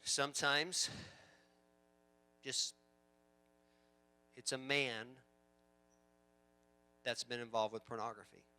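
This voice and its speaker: A male pastor preaching a sermon, swinging from loud emphatic lines to quiet storytelling, with chatty asides and repeated words. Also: mid-range voice, fairly even intonation, slow, long pauses, clean tone.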